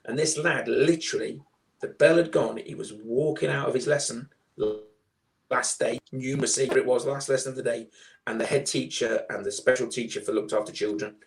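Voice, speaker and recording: Animated storyteller man. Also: mid-range voice, a little fast, creaky. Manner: animated storyteller, acts out dialogue. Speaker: guest. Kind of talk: storytelling in a live online chat.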